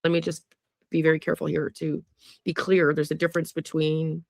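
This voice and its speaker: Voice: mid-range voice, completely flat delivery, brisk, gravelly, no room sound, studio quality. An American true crime psychic host talking casually to viewers in a rambling monologue full of restarts and trailing asides.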